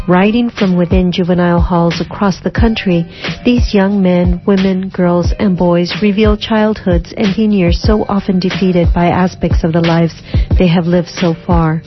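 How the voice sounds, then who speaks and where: A woman radio host with a lowish voice reads a scripted announcement in a measured, formal manner. Music plays clearly beneath her. The whole thing sounds like a dull, muffled radio broadcast. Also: steady tone.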